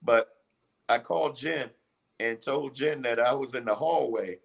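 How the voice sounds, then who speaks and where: A middle-aged man in a casual interview, telling his story in an animated way with laughs and acted-out quotes. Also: medium pitch, measured pace, creaky, breathy edge. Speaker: guest recovering from illness.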